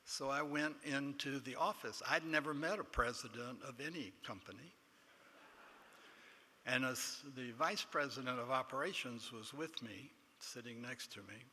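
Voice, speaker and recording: An older man with a Texan accent tells a self-deprecating story from the podium, acting out remembered conversations as he goes. His voice is strikingly bright and cutting. It carries through a large banquet hall with long reverb and a faint murmur of the room. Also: mid-range voice, normal speed, a little hiss or hum. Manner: self-deprecating storyteller, quotes others in dialogue. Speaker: award inductee giving acceptance speech. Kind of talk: anecdotal speech.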